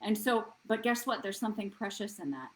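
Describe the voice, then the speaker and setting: A woman's voice: medium pitch, expressive, a little fast, rough recording. A woman in her thirties hosting a live wellness show, talking earnestly to viewers in a coaching way and often checking in with "right?". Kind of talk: live-stream talk to viewers.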